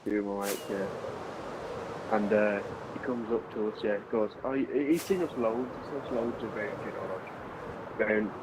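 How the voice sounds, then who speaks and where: With heavy background noise behind him, a young man speaks at normal speed in a lowish voice. He's a streamer chatting with friends while gaming, telling a rambling anecdote full of restarts and laughs.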